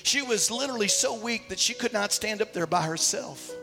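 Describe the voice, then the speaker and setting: High-voiced gravelly preacher in a hall. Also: male voice, animated, brisk, music in the background. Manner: preaching, storytelling with acted quotes. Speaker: pastor. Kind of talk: sermon. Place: church sanctuary.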